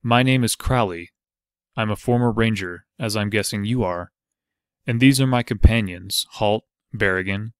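A man's voice: lowish voice, moderate pace, smooth, no echo, studio quality, lightly acted. Man voicing an earnest former ranger.

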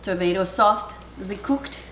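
Chatty and excitable, a middle-aged Canadian woman talks her way through a cooking video at moderate speed in a mid-range voice. She films in her home kitchen with noisy audio, and sometimes her voice sinks to a whisper as she gets to the food.

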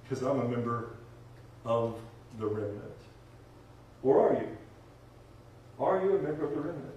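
A man's voice: mid-range voice, expressive, moderate pace, long pauses, a little mellow, distant mic, slight background noise. A man preaching a sermon and leading a closing prayer as pastor, emphatic, repeating phrases and building to fervent exhortation. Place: church sanctuary. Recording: very echoey church hall, voice from afar.

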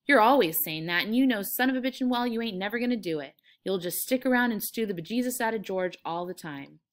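A sharp scolding old aunt, read by a woman. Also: mid-range voice, very animated, moderate pace, close to an everyday voice. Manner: sharp, disapproving.

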